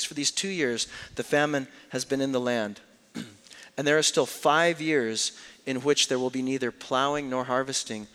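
A man preaching a sermon as a pastor, swinging between hushed, slow lines and loud, raised passages. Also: mid-range voice.

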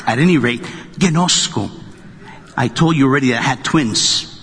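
A man's voice: medium pitch, normal speed, fairly bright tone, slight background noise. A man pastor preaching a sermon to a congregation, joking and conversational as he goes. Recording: long reverb of a large hall.

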